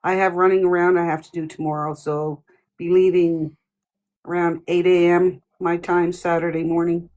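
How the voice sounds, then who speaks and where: A woman's voice: fairly low pitch, flat delivery, moderate pace, darkish tone. Playful woman reading out chat comments. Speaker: live-stream host. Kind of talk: casual live-stream chat.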